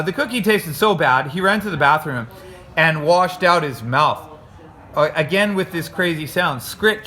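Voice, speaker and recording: A man's voice: on the high side, pushed and bright. A man from North America reading a children's storybook aloud, chatty and jokey, making the sound effects and commenting as he goes. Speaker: storybook reader. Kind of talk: playful read-aloud with commentary.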